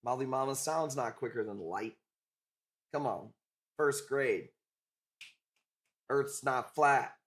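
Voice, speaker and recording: An Illinois man runs a live coral auction stream, chatting loosely with viewers and joking profanely as he sells. His medium-pitched voice is a bit bright, and he takes it slowly with frequent pauses.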